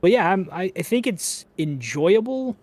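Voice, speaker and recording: A man co-hosting a casual gaming podcast, talking in an animated, profane, ranting way. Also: high voice, unhurried, no echo. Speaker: podcast co-host.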